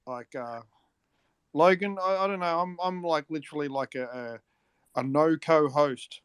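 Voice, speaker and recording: A man's voice: fairly high pitch, normal speed, clear, resonant tone, no echo. An Australian man co-hosting casual podcast banter, swearing constantly as he rants. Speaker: co-host.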